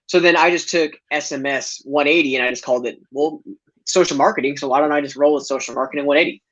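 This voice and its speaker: A man tells a loose, filler-packed story as a podcast guest, laughing as he goes. His voice sits a bit high. The call audio is dull and lo-fi. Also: steady tone, fast talker, a bit bright. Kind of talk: casual storytelling.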